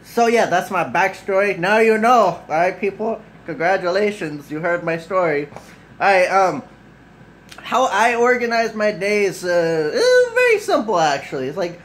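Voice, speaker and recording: A man's voice: high voice, moderate pace, fairly bright tone, low-quality recording. A man rambling through a casual vlog at home right after waking up. He swears freely, keeps sidetracking himself and leans on "like" and "you know". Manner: rambling, loose and profane, full of "like" and "you know"; self-mocking and easily sidetracked. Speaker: vlogger. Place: at home at his desk, just woken up. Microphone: camera mic off to the side.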